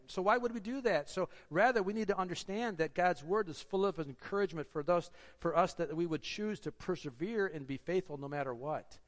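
A man's voice: sits high, a little fast, hardly any pauses. A man preaching a sermon, earnest and exhorting, asking the congregation rhetorical questions. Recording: long hall reverb.

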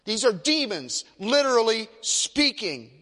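A man's voice: very high voice, very animated, a little slow, a bit bright, big-room sound. A male pastor preaching a sermon with emphatic, dramatic storytelling.

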